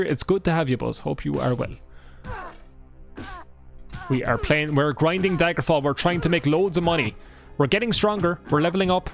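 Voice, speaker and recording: Irish guy rambling on a game stream, swears loads, slightly high voice, bit of music in the back. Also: creaky. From Ireland. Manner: swears a lot, rambling, self-deprecating. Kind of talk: casual live gameplay chat.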